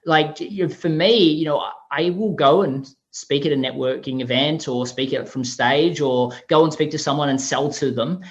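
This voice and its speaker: A man's voice: on the high side, normal speed, hardly any pauses, lo-fi sound. A man with an Australian accent, a podcast guest and author, talking in an upbeat, articulate way with analogies. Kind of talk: remote podcast interview.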